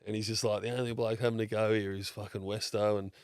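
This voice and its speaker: Low-voiced Australian man telling stories. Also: flat delivery, fast, darkish tone, no room sound, clean studio sound. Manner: blokey, swears freely, acts out quotes. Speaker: podcast guest. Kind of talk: casual storytelling chat.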